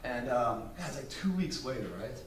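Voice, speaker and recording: A man's voice: mid-range voice, lively intonation, moderate pace. A man giving a motivational speech to an audience, telling stories in a blunt, profane and emphatic way. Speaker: invited speaker. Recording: roomy sound from a distant mic, faint noise.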